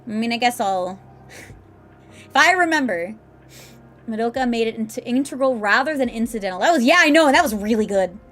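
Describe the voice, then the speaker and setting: A woman's voice: on the high side, expressive, fairly quick, pauses often, a bit bright. A young woman streaming a game, chatting casually with her viewers, rambling and laughing often as she answers chat.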